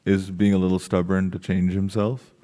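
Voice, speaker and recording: A man's voice: deep voice, flat delivery, normal speed, warm tone. A man taking part in a study group, answering a question hesitantly and with many fillers. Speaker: class participant.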